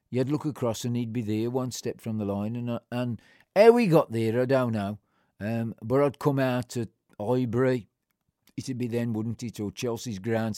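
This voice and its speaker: A man's voice: mid-range voice, mellow, dry recording, studio quality. An older man, telling a rambling personal story in a conversational way, with many fillers and restarts.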